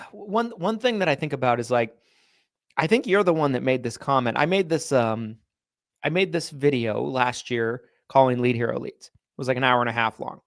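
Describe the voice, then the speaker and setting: A man co-hosting a sales podcast, talking in a relaxed, rambling way with lots of fillers. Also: mid-range voice, normal speed, no room sound, studio quality. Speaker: podcast co-host. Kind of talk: casual podcast chat.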